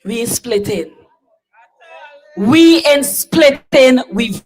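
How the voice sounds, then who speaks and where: A woman's voice: a little high, expressive, extremely slow, a little mellow, husky, rough recording. A woman emceeing a political public meeting, chatting directly with the crowd as she brings on the speakers. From Guyana. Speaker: rally emcee.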